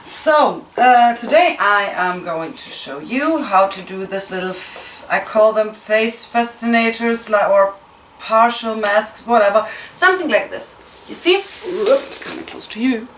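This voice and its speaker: A woman's voice: medium pitch, a little slow. Rambling self-mocking woman in a roomy space. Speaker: craft tutorial host. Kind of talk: casual crafting tutorial. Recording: roomy, distant, noisy home recording.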